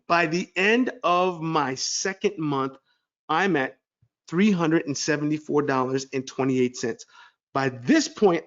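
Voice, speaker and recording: A middle-aged man presenting an online class, telling a story to viewers with excited energy. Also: on the high side, highs cut off. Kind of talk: webinar sales pitch.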